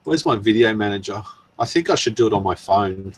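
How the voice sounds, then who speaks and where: A man's voice: lowish voice, lively intonation, brisk, slight background noise. Chuckling man on a live stream. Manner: rambling, chuckling, reading viewer comments aloud. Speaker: channel host. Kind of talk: casual live-stream chat.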